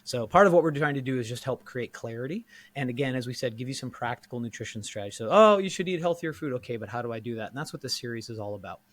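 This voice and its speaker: Man, hoarse voice, casual podcast co-host, mid pitch, dry close mic. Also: very fast, few pauses, no echo. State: hoarse, partly lost voice. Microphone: studio microphone.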